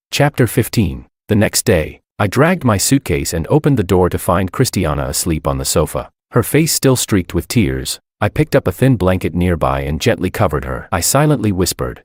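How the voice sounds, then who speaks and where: Man, deep voice, first-person story narration, measured, melancholy, lively intonation. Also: dry recording, studio quality.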